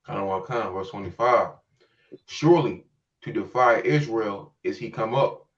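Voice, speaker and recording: A man reading scripture aloud in a steady, measured way. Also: on the low side. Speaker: scripture reader. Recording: dull, distant mic.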